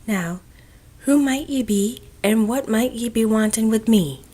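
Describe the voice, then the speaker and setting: A woman's voice: medium pitch, expressive, a little slow. A woman voicing a plump, jolly old woman said to be a witch, chatty and secretive with old-country turns of speech. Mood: curious.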